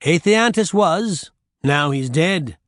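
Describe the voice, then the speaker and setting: A man's voice: fairly high pitch, expressive, slow, a bit bright, no echo, clean studio sound. A man doing a resounding magic mirror. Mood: solemn. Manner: chanting rhymes.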